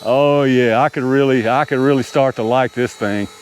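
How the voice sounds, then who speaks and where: A man with a drawl chats through a flight out in the open air. He sounds loose and excitable, calls out to his viewers, and laughs off his own nervous slips. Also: medium pitch, normal speed, slight background noise. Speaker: RC hobby video host. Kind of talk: casual running commentary while flying. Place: outdoors, small open area.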